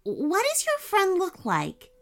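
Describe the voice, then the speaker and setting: Casting: woman playing a sweet, polite young girl, high and eager, slow-spoken. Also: huge pitch swings, exaggerated voice. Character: polite kind seven-year-old girl.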